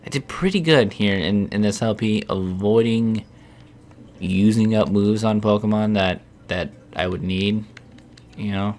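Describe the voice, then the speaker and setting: A man's voice: on the low side, a little slow, a little mellow. A young man casually commentating his gameplay, swearing often and getting exasperated with himself. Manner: profane, self-deprecating, easily exasperated. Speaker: Let's Play host.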